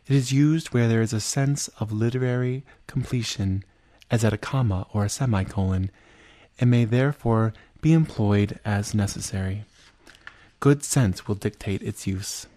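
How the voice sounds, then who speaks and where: A man teaching liturgical chant, explaining each step in a measured way and then singing chanted examples. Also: on the low side, mellow, no echo. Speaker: chant instructor. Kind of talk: spoken lesson with sung examples.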